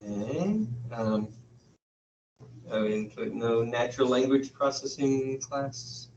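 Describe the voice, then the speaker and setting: A male lecturer talks slowly to his class, pausing often as he thinks aloud. He is picked up from across an echoey classroom on a dull, distant mic, with a faint hum of room noise. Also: medium pitch, a little mellow. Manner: halting, thinking aloud with frequent pauses. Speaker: university lecturer.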